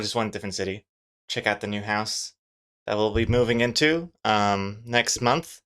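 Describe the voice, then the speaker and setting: A man's voice: mid-range voice, fairly bright tone, clean tone. A man chatting loosely on a live stream as he works on his comic, rambling and joking with many fillers. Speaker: webcomic artist streaming his drawing. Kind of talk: casual live-stream chat.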